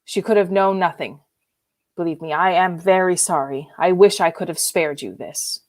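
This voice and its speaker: A woman reading the lines of a gruff, earnest country squire in a storybook reading. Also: fairly low pitch, normal speed, lightly acted. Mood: sombre.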